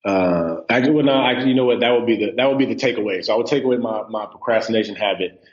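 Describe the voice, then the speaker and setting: A man's voice: on the low side, fast, highs cut off. A man in his thirties, a podcast guest chatting casually in a laid-back way, with lots of ums and you-knows. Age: 30s. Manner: laid-back, filler-heavy with many um and you know. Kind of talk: casual interview chat.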